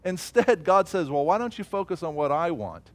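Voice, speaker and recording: Emphatic preaching man, higher voice. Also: animated, normal speed. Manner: builds to loud emphatic peaks, drops to low murmured asides. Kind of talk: sermon.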